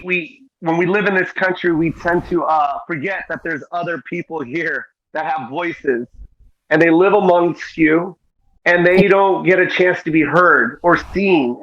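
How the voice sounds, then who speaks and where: A man's voice: a little high, fairly bright tone. Earnest middle-aged man, muffled audio. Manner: earnest, repeats "you know what I mean". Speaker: guest comedian and actor. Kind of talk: interview conversation.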